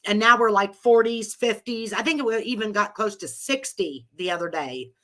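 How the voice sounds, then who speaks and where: A woman's voice: medium pitch, moderate pace, bright, forceful tone. A middle-aged woman with a cold, hosting a live chat with listeners in a rambling, chatty way and laughing often. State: has a cold. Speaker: live audio room host.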